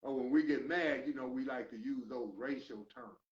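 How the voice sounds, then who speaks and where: Older man preaching in a distant echoey room. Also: moderate pace. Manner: preachy, swings between loud emphatic questions and low mutters. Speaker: recovery class teacher. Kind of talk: lecture. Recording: roomy, distant, dull lo-fi room recording.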